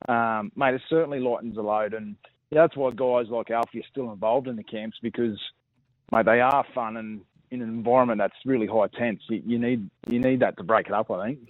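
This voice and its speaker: A man's voice: medium pitch, fairly even intonation, brisk, dry recording. A man with an Australian accent telling footy stories in a blokey, laughing way, calling everyone mate. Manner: blokey, laughing storyteller, says mate a lot. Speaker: former player guest. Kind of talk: casual radio chat. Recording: tinny phone line.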